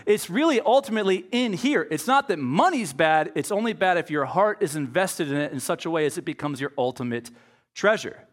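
A man's voice: a little high, expressive, a little fast. A man preaching a sermon as pastor. He tells stories in a conversational way and acts out the voices he quotes.

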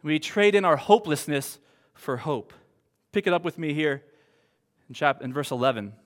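Male pastor, high-pitched, slow earnest sermon delivery, long hall reverb. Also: expressive. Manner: earnest, slow preaching with emphatic pauses.

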